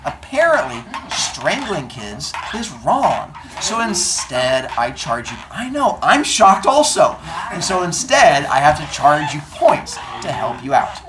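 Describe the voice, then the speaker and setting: A male teacher addressing his class with deadpan humor, playful and mock-stern, acting out his students as he goes. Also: fairly high pitch, a little slow, noisy background.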